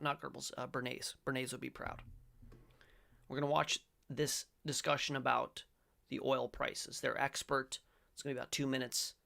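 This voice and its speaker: A middle-aged man hosts a faith-based commentary, his voice deeply gravelly and full of fry. He rambles and corrects himself mid-sentence, then breaks into loud, emphatic bursts. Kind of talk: casual commentary, reading aloud and reacting.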